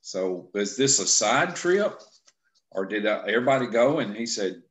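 A man teaching a Bible class in a relaxed conversational way, explaining verses with frequent restarts and fillers. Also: fairly low pitch, moderate pace. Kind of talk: casual scripture teaching discussion.

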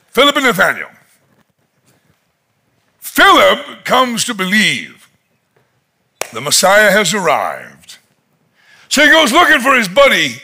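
Animated, bright-voiced male preacher. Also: high-pitched, gravelly, husky. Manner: dramatic retelling with voiced quotes; shouts in climactic moments. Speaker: pastor. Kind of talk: sermon. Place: conference hall.

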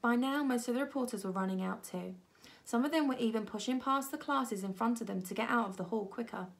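A woman reading a children's novel aloud at a primary school with expressive storytelling. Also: fairly quick, gravelly. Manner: expressive storytelling, voicing children with raised pitch. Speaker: reader.

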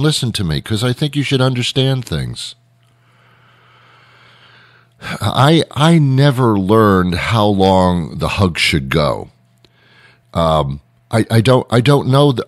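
A man's voice: on the low side, big pitch swings, unhurried, pauses often, no room sound, studio quality. A man hosting a radio show, rambling through a comedic monologue with sarcasm, acting out little scenes and laughing often.

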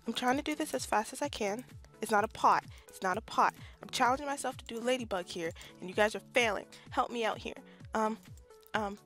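A young woman with a fairly high, fairly bright voice comments casually on her gameplay from her bedroom at home. The gaming YouTuber is chatty and self-deprecating, and she laughs often.

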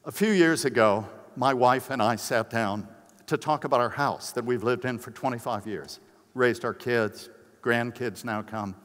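A man's voice: a little slow, fairly bright tone. An older man, a pastor, preaching a conversational sermon at a conference, telling personal stories and acting out quoted voices. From United States. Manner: conversational, acts out quoted voices with big pitch jumps. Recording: long reverb of a large hall.

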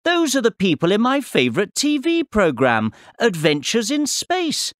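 Man putting on a wide-eyed boy for a storybook reading, high, eager, very lively in pitch. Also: moderate pace, no room sound, clean studio sound. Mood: excited. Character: curious excited young boy.

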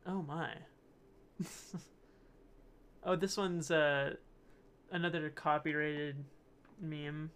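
A man's voice: a little high, level tone, extremely slow, pauses often, a bit bright, clear, resonant tone. A young man hosting his channel, rambling casually through posts, laughing often and stumbling over words. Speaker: channel host. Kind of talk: casual commentary reading posts.

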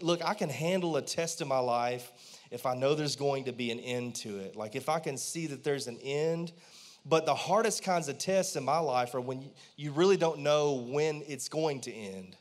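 A man's voice: a little high, normal speed. A man, preaching a conversational sermon in church and often asking the congregation questions. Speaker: pastor.

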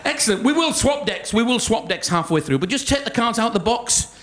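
A man's voice: very high-pitched, expressive, a bit bright. A man doing stand-up in a theatre, teasing a volunteer from the audience. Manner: teasing, quick ribbing of a volunteer. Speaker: stand-up comedian and magician. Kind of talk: live stand-up comedy with audience banter. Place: large theatre stage. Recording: live theatre show with audience laughter.

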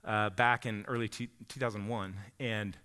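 A man's voice: lowish voice, steady tone, normal speed, pushed and bright, clean tone. A man in his forties from the Pacific Northwest preaching a sermon, telling stories in a conversational way and often checking in with the congregation. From Bend, Oregon. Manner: conversational storytelling, often asks the congregation "right?". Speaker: pastor.

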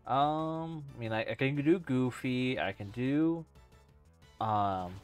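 A man's voice: mid-range voice, slow pace, clear, resonant tone, soft background music. A man hosting a gaming stream in casual, playful chat on a headset mic, laughing often and fooling around with voices. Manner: chatty, laughing, playful about doing voices. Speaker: streamer host.

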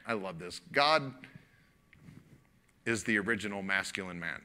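A man's voice: fairly low pitch, lively intonation, a little slow, long pauses, bright, forceful tone. A man preaching a sermon as pastor, folksy and joking, often laughing and acting out quotes.

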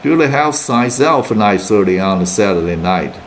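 A man reading aloud and voicing an irritable, conceited teenage boy roommate who swears gruffly. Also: fairly low pitch, expressive, normal speed, slight background noise, natural voice, low-quality recording. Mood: dismissive. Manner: gruff, swearing, exasperated retorts.

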